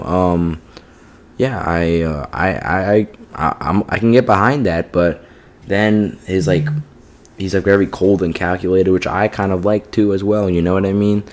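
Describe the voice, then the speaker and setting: A man with a deep voice delivers a rambling spoken rant about a show. He swears often and keeps checking in with "you know what I mean", sounding fed up throughout. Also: darkish tone. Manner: profane and exasperated, heavy use of "like" and "you know what I mean". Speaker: TV show reviewer. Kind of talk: casual ranting review.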